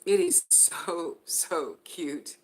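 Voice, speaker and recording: A woman's voice: lowish voice, extremely slow, darkish tone. A woman giving a live spiritual reading to viewers. She talks in a chatty way, laughs often, and addresses people by name. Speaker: spiritual reader.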